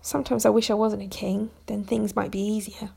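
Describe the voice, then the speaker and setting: A woman's voice: medium pitch, level tone, a little fast, creaky, warm tone, breathy edge. A woman reading the part of an eager young male king who blurts out his feelings. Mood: wistful.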